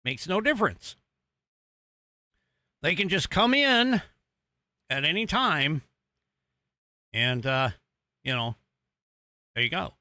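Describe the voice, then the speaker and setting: A man's voice: on the high side, big pitch swings, takes it slowly, pauses often, bright, forceful tone, no echo, clean studio sound. An American man hosting a political podcast, rambling casually with many fillers and restarts while he talks over video footage he is playing. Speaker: podcast host.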